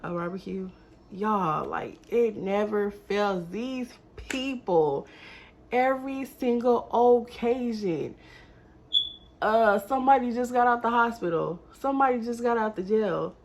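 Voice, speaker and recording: A woman's voice: a little high, a little slow, slight background noise. Exasperated young woman telling a story. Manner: animated, exasperated storytelling to viewers. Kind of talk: casual storytime monologue.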